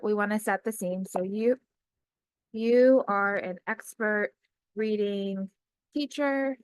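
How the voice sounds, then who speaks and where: A woman who works in special education, giving a casual screen-recorded demo lesson and reading her typed prompts aloud slowly. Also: medium pitch, no echo. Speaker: special education teacher trainer.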